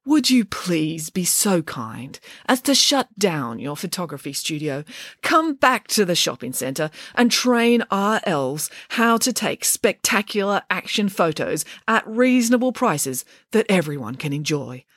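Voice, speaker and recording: A smooth-talking male security guard in a storybook, as a woman puts him on, drawing out his words slowly and politely. His tone stays calm and measured. The sound is close and dry. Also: on the low side, no room sound, heavily acted.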